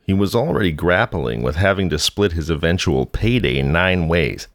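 A man's voice: low-pitched, lively intonation, moderate pace, no room sound, clean studio sound. A man narrating a scripted true-crime story with a wry, dramatic delivery. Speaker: podcast narrator.

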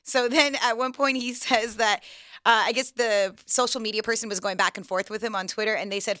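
A woman's voice: a little high, pushed and bright, no room sound, studio quality. A woman co-hosting a radio show, telling a story in casual chat and laughing easily. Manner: chatty storyteller, quick to laugh.

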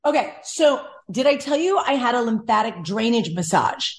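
A woman's voice: on the high side, animated, moderate pace. A young adult woman hosting a casual chat, telling a rambling story and acting out what others said. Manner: chatty rambling storyteller, acts out quotes. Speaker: podcast host.

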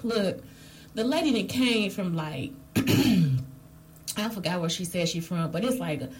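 A woman's voice: lowish voice, animated, unhurried, rough recording. A woman vlogger telling a story in a casual rant, blunt and profane, speaking straight to her viewers.

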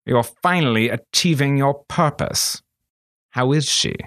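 A man reading aloud and voicing a menacing male sorcerer who speaks slowly and coldly to his servant. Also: medium pitch, fairly bright tone, no echo, studio quality, pitched above the performer's own voice. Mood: dark, cold. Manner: slow, silky and threatening. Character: cold, menacing older male sorcerer master.

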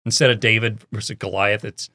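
A man's voice: on the low side, fairly even intonation, brisk, creaky, sharp tone, no echo, studio quality. A man co-hosting a comedy podcast, chatting casually and making wry jokes. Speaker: podcast co-host.

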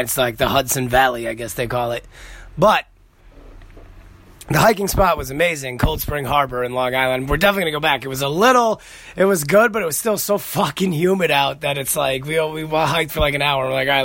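A man's voice: mid-range voice, brisk, fairly bright tone, dry recording. A man, hosting a casual podcast monologue and telling rambling, profane stories. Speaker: podcast host.

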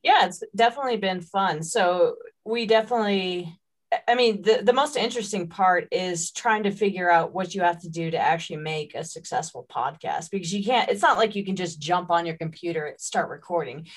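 A woman's voice: fairly low pitch, a little fast. Woman podcast host with a radio voice. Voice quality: smooth radio-like voice. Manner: friendly, upbeat, thanking listeners. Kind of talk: casual podcast chat. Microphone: headset over video call.

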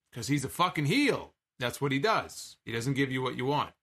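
A man's voice: mid-range voice, very animated, moderate pace, fairly bright tone, husky. A man casually recapping a wrestling show, chatty and sarcastic, swearing now and then. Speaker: wrestling podcast host.

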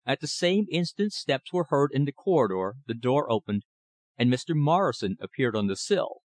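A man narrating a novel in a measured, expressive reading. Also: medium pitch, no room sound. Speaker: audiobook narrator. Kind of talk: scripted narration.

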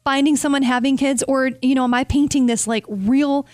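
A woman's voice: sits high, fairly even intonation, moderate pace, a little mellow, dry recording. A woman co-hosting a casual chat, talking candidly and self-deprecatingly about work and motherhood. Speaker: co-host.

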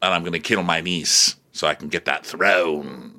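A man's voice: low-pitched, moderate pace, pushed and bright. A man co-hosting a casual recap chat, joking a lot and doing silly voices. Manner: joking, quips in silly voices, laughs often. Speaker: podcast co-host.

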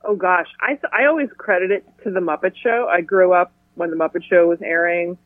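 Chatty actress on a tinny phone line. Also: female voice, on the low side, dry recording. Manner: chatty and playful, quick asides. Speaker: actor guest. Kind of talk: casual phone interview. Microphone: telephone.

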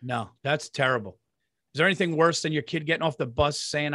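A man venting with exasperated, profane energy as he chats with his co-host. His voice is a touch high. The recording is dry and close. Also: fairly even intonation, a little fast, bright, forceful tone, no echo. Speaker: podcast co-host. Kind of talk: casual crude banter.

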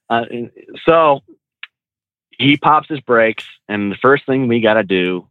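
A man who trains truck drivers, a podcast guest, telling road stories in casual, animated talk that is loose with swearing and slang like "bro". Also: mid-range voice, slow pace, no room sound. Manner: animated, swears freely, says "bro" and "dude". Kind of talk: casual storytelling in an interview. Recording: dry, tinny phone-like sound.

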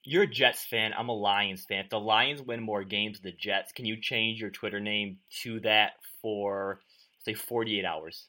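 A man's voice: fairly low pitch, steady tone, measured pace, sharp tone. A man hosting a sports media podcast, chatty and self-deprecating, interviewing a guest.

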